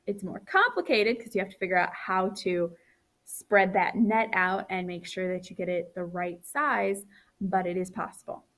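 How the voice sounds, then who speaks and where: A woman's voice: fairly low pitch, normal speed, a bit bright. A woman teacher walking through a recorded math lesson, counting aloud as she draws and correcting her own slips, tired and yawning.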